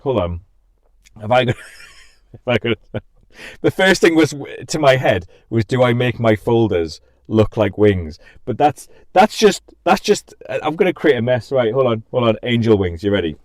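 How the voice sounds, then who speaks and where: In a dry recording, a very animated young man with a medium-pitched voice and moderate pace hosts a casual live-stream podcast. Giggly and all over the place, he often laughs and stops himself short while reacting to viewers.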